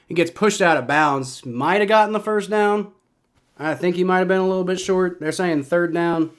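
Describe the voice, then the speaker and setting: With a voice that sits high and a moderate pace, a young guy gives live play-by-play on a football game. He's excitable and drops swear words in reaction to every play.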